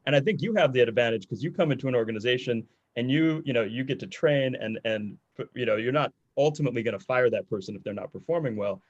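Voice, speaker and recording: Brief: mid-pitched male sales panelist, blunt and conversational, video-call sound. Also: animated, quick pace, few pauses, dull audio. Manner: direct, conversational, repeats himself for emphasis.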